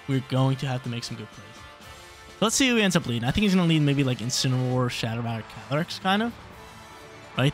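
A young man talks through his online battle as it plays out, thinking aloud and repeating himself when things get tense. His voice sits at an ordinary male pitch. Faint music plays under his talk. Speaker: gaming YouTuber. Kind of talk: live gameplay commentary.

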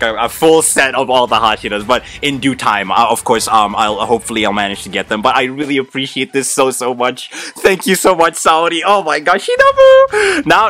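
A young man hosting an unboxing vlog, gushing and excitable, with big jumps in his voice and constant exclamations. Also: on the high side. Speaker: unboxing video host.

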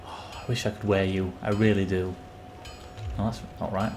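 An English man chatting and joking while he streams a game, with sudden loud outbursts. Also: low-pitched, little pitch movement, moderate pace, faint music behind. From England. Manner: chatty, self-mocking, bursts into loud outbursts. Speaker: gaming streamer. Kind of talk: live gameplay commentary.

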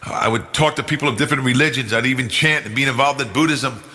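An older New York man gives his personal testimony as a guest, speaking fast in a mid-range voice that sounds pushed and bright. He's earnest and emphatic, acting out quoted speech, and a long hall reverb trails his words.

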